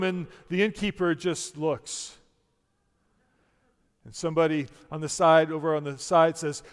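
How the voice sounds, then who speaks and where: Middle-aged pastor, smooth clear voice, kinda higher pitched, long hall echo, preaching casual with lots of restarts. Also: male voice, steady tone, normal speed. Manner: prayerful, softening to near-quiet, with many restarts. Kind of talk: sermon.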